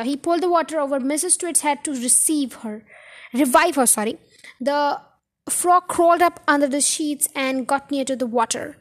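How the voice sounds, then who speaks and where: A woman reading a children's book aloud on a podcast, chatty, with asides and self-corrections. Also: sits high. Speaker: podcast story reader.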